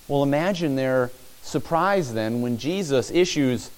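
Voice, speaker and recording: A man's voice: medium pitch, animated, measured pace. A man preaching a sermon, retelling a scripture story vividly, asking listeners to picture the scene and repeating phrases for emphasis.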